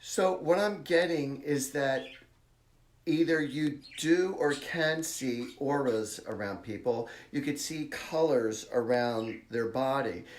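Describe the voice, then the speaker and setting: A man with a New Jersey accent giving a live-stream psychic reading, pausing and searching for words with many ums and restarts. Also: mid-range voice, roomy sound. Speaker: psychic medium host.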